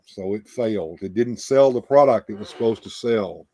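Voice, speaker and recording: A man's voice: fairly low pitch, moderate pace, a little mellow. A man hosting a live show, chatting casually and rambling with frequent restarts and repeated words. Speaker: livestream host. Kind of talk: casual chat.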